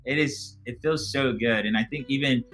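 Man, podcast guest, bright tense voice, heartfelt, casual chat. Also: mid-range voice, normal speed, soft background music. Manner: heartfelt, earnest storytelling.

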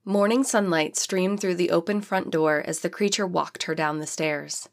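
A woman narrating an audiobook in a measured, dramatic storytelling manner. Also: sits low.

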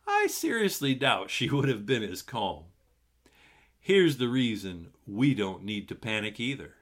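Slow-preaching male pastor. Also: on the low side, sing-song. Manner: slow, earnest preaching with conversational asides. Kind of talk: sermon.

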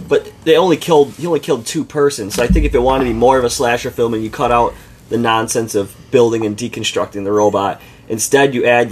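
A man hosting a casual movie podcast, chatty and laughing, full of "like" fillers. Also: mid-range voice. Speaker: podcast host. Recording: noisy recording.

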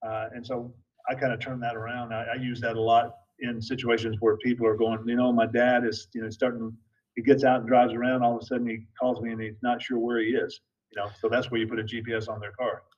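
A man's voice: medium pitch, flat delivery, fast talker, darkish tone, recorded from a distance, highs cut off. A man who works as an investigator, a guest on a talk show, chatting casually with lots of "you know"s. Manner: conversational, many "you know" fillers.

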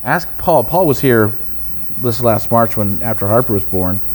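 A man chatting casually as co-host, telling family stories and getting animated when he quotes people. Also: on the low side, normal speed. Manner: storytelling, animated when quoting others. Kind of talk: casual chat. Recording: faint background noise.

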